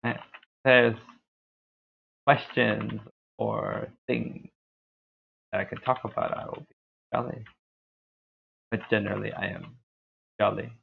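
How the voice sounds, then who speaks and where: A young man streaming a game, talking through his play in a laid-back, rambling way with a deep, dark voice. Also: fairly even intonation, slow pace, gravelly, long pauses, a little hiss or hum. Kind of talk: casual gameplay commentary. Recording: tinny lo-fi stream mic.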